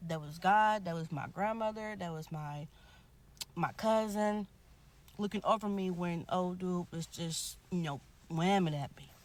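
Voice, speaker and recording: A woman's voice: fairly low pitch, a little slow. Woman recounting a shooting she witnessed. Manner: animated retelling, voicing people in her story. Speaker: shooting witness telling her story. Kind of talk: emotional storytelling.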